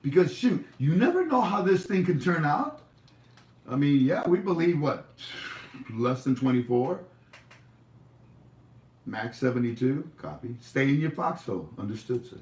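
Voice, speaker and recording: A male livestream host offers rambling, jokey casual commentary, his voice expressive, on the high side and darkish in tone at a measured pace. He sounds far from the mic in an echoey room.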